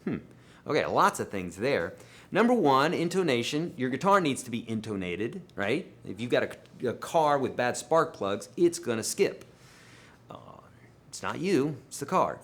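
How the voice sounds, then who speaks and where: A man of ordinary pitch takes viewer questions on a live guitar stream. He talks casually and emphatically, pushing some lines out loud and dropping others low. He calls his viewers friends and folks. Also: moderate pace. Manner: animated and emphatic, with sudden swings in loudness and pitch. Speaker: guitar teacher hosting a live Q&A.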